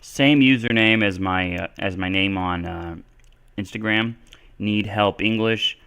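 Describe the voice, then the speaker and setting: Bright-voiced man teaching English. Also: lowish voice, a little slow, clean tone. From Texas. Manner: casual, thinks aloud with many fillers. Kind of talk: live-stream English Q&A.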